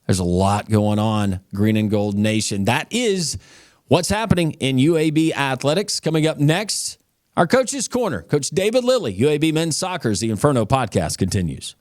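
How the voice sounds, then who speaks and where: A man's voice: medium pitch, big pitch swings, moderate pace, no echo, clean studio sound. A man hosting a sports podcast, reading a punchy news roundup and then interviewing a coach in an upbeat announcer style.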